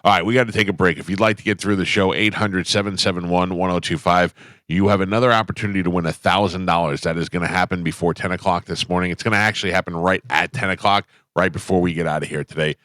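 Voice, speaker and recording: A man's voice: sits low, fairly even intonation, quick pace, a bit bright, no room sound. A man hosting a morning radio show, blunt and crude, joking with his co-hosts in the studio. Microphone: studio microphone.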